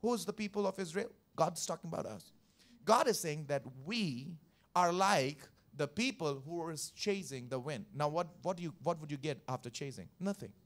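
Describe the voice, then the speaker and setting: A high-pitched man preaching a Sunday morning sermon. He is emphatic, repeats his key lines for weight and keeps asking the congregation to answer back. He walks through scripture one verse at a time. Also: animated, moderate pace. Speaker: pastor.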